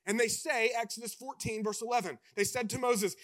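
A man preaching a sermon with passion, swinging between hushed, intimate lines and loud emphatic ones. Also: very high voice, fairly even intonation, a little fast, few pauses. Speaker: pastor.

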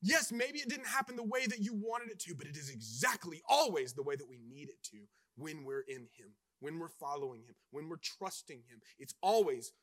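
A man preaching a sermon with passion, swinging between hushed, intimate lines and loud emphatic ones. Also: on the high side, animated, brisk, few pauses. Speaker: pastor.

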